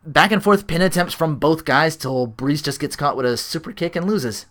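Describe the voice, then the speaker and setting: A man's voice: on the high side, normal speed, a bit bright. A man co-hosting a casual podcast, recapping a wrestling show and laughing often. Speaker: podcast co-host.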